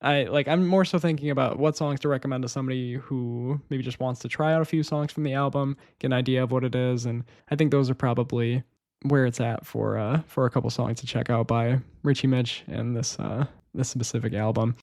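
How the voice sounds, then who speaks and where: A man's voice: medium pitch, steady tone, fairly quick, darkish tone, no room sound, clean studio sound. A young man hosting a casual solo podcast about music, rambling with enthusiasm, laughing often and peppering his talk with "like" and "man". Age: young adult. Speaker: podcast host.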